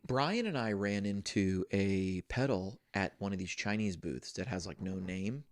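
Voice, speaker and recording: A man's voice: deep voice, animated, a little slow, no echo, clean studio sound. A man co-hosting a casual chat, telling rambling stories full of fillers. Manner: rambling storyteller, many fillers. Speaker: co-host.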